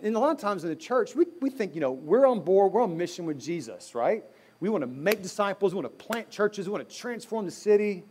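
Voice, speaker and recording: A man's voice: on the high side, warm tone. A middle-aged man preaching a sermon as pastor, talking in a conversational way with asides and restarts.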